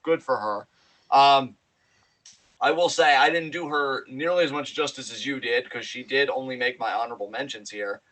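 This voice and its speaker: A man co-hosting a podcast in casual chat, excited and animated, swearing freely as he talks. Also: medium pitch, moderate pace, low-quality recording. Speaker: podcast co-host.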